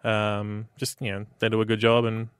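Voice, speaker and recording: A man with an Australian accent, a guest on a casual podcast, telling stories in a relaxed way with lots of fillers and restarts. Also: lowish voice, moderate pace, clear, resonant tone, no room sound, studio quality. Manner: relaxed storytelling, many fillers and repeats.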